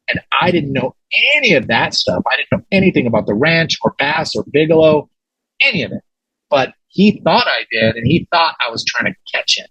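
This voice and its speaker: A man's voice: fairly high pitch, a bit bright, slightly rough, dry recording, rough recording. A man as a podcast guest, telling a story casually and animatedly, acting out quoted voices, with many fillers.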